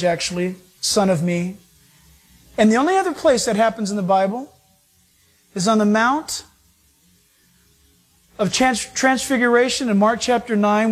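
A man preaching a sermon as a pastor, emphatic and animated. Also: high voice. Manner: emphatic, animated preaching that acts out quoted voices.

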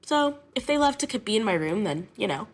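A woman music teacher talking in an animated, chatty way, getting emotional as she tells her story. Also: medium pitch, a little fast. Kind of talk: conversational interview.

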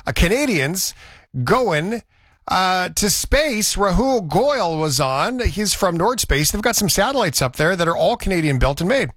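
A man's voice: high-pitched, big pitch swings, measured pace, a bit bright, no echo, studio quality. A man hosting a radio talk show, chatting casually and teasing his co-worker.

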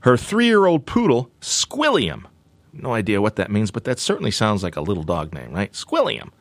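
Man, radio talk show host, lively swooping delivery, dry close studio sound, playful. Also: lowish voice, moderate pace, no echo. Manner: animated, playful, does silly voices. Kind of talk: casual radio storytelling.

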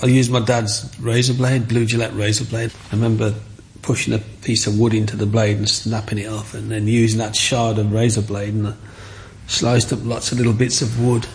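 Creaky-voiced older man. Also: fairly low pitch, moderate pace, a little hiss or hum. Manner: animated storyteller, acts out the voices of others. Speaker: interviewee. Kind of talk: storytelling interview.

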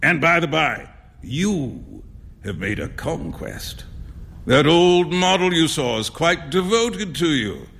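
A man's voice: fairly high pitch, sing-song, slow, vocal fry, a bit bright, in a large hall, exaggerated voice. A man reading a story aloud, voicing a flamboyant, self-assured male painter with theatrical, emphatic exclamations. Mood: jovial.

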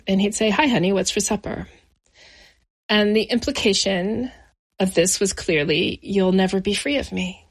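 A middle-aged woman as an interview guest, recounting her childhood in a reflective, measured way with slow pauses. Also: mid-range voice. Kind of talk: personal memoir interview.

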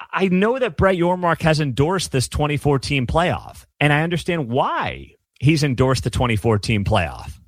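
A man's voice: a little high, no room sound. A man in his thirties hosting a sports talk show, giving emphatic, sarcastic opinion commentary. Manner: emphatic, ranting, sarcastic asides.

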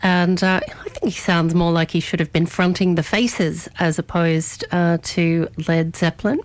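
Low-voiced woman radio host. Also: fairly even intonation. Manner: argumentative, deliberate, stresses key words. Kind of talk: opinion editorial on morning radio.

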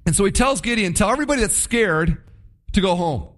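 High-voiced man preaching animatedly. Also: brisk. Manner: animated, acts out scenes in voices. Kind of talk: sermon.

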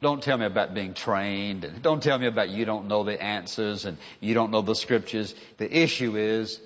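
A man's voice: lowish voice, normal speed, highs cut off. Earnest male preacher in a reverberant hall. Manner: earnest, emphatic preaching with repeated phrases. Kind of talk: sermon.

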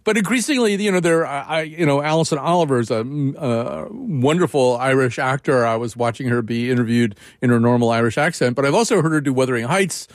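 A man's voice: mid-range voice, expressive, no room sound. Male interviewer, searching for words, dry close-miked studio sound. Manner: halting, many restarts and fillers. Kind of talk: radio interview conversation.

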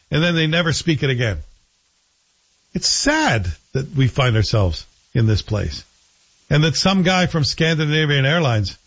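A male radio host talks on air in an opinionated, rhetorical style, pushing his points with indignant questions. His voice sits a bit high for a man and has a husky edge. The broadcast sound is slightly dull. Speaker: radio talk show host.

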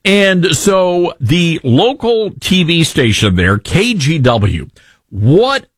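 A Southern man hosts talk radio with a sarcastic, ranting delivery. His husky voice sits a bit high and moves up and down a lot. The sound is close and dry. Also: very animated, slow, no room sound.

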